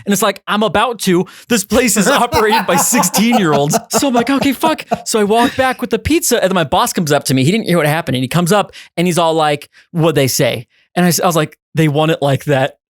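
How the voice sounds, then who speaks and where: Young man, podcast co-host, casual comedic storytelling, lively voice, dry close mic. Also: high-pitched, quick pace, few pauses, dry recording. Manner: animated, acts out voices in anecdotes, swears freely.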